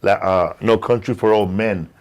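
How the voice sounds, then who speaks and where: A man's voice: on the low side, fairly even intonation, normal speed, lo-fi sound. A man hosting a podcast, chatting casually, rambling and profane, saying bro a lot. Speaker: podcast host. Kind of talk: casual chat. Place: podcast studio.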